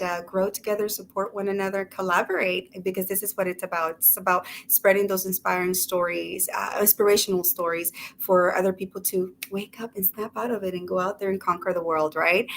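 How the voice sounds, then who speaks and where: A woman's voice: mid-range voice, fairly bright tone. Woman host, bubbly chat, slight background hiss. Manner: bubbly, effusive, many fillers. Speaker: show host. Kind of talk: casual chat.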